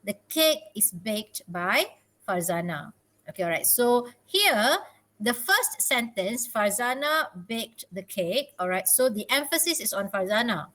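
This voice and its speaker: Teacher, woman, slightly high voice, encouraging, says "okay" a lot. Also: very animated, unhurried, fairly bright tone. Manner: encouraging, frequent "okay" and laughs. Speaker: English teacher. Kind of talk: online class teaching.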